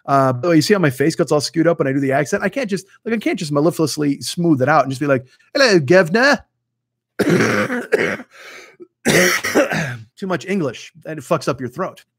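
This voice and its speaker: A man's voice: fairly high pitch, fast, no room sound. A man in his fifties hosting a casual livestream from a home studio, chatting with viewers in a profane, rambling, self-mocking way. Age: 50s. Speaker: host. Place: home studio with green screen.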